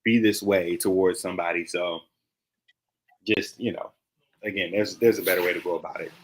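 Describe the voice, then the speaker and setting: A man co-hosts a casual podcast over a call, easygoing and hesitant, leaning on fillers as he thinks aloud. His voice sits low for a man. He sounds unhurried and conversational. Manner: relaxed, hesitant, heavy on fillers. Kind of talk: casual chat.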